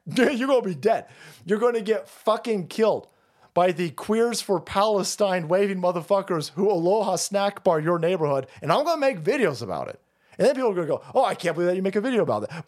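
Profane, high-pitched ranting man. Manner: profane, angry, mocking; mimics opponents in sneering voices. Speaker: live stream host. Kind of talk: ranting political commentary.

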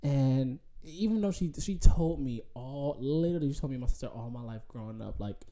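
A man's voice: mid-range voice, expressive, a little fast, mellow. A young man co-hosting a casual podcast, sassy and dramatic as he retells stories. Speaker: podcast co-host. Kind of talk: casual chat.

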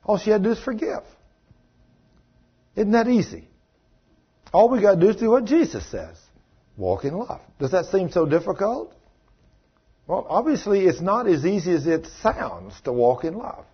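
Preacher guy, husky, fairly high voice, swoopy folksy storytelling, muffled old recording. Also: very animated, moderate pace, pauses often. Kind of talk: sermon with acted-out dialogue. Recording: dull lo-fi sermon recording.

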